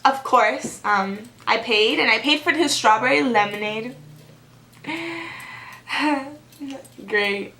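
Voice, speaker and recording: A young woman tells a casual story to her viewers, sarcastic and animated, with "like" in nearly every line. Her voice sits a bit high and bounces off the walls of an echoey room. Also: drawn-out words, long pauses. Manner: animated and sarcastic, heavy use of "like". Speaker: vlogger.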